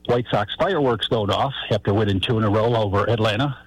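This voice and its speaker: A man's voice: fairly low pitch, fast talker, breathy edge, dry recording, low-quality recording. A man from Chicago calling in to a radio talk show, chatty and folksy, laughing as he tells stories. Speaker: caller.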